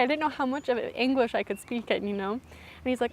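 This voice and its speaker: A young woman, a college student studying French, vlogs to the camera in a chatty, self-deprecating way as she tells a story. Her voice is fairly high and she talks quickly.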